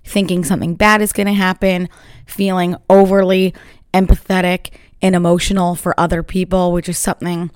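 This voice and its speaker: A woman's voice: lowish voice, smooth, no echo. A woman hosting her own podcast, talking from a chair at home in a chatty, upbeat and rambling way. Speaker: podcast host. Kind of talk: casual solo podcast monologue. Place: at home in a chair by a sunny window.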